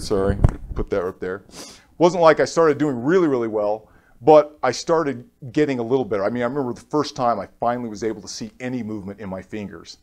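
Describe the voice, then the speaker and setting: Guy giving a keynote on stage, heartfelt story, halting, does the other people's voices, normal mid pitch. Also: darkish tone. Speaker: keynote speaker. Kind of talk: personal story speech. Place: conference stage. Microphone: stage microphone.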